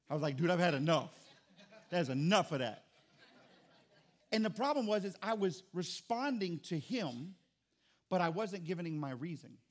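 A man in his thirties preaches from the pulpit, his voice a touch high and swinging widely in pitch. He acts out short bits of dialogue, then drops low and soft for reflective stretches. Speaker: pastor. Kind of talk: sermon. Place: church sanctuary.

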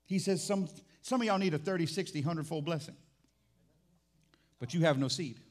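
A man preaching a sermon as pastor in a church, animated and jokey, swinging from loud excitement to quiet emphasis. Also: fairly high pitch, moderate pace. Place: church sanctuary.

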